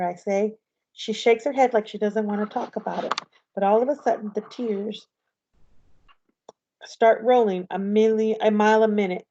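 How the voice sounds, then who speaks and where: A woman teacher reads a novel aloud in a steady storytelling voice. Her tone is mellow and a little dark, and the lo-fi recording dulls it slightly. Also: medium pitch, normal speed.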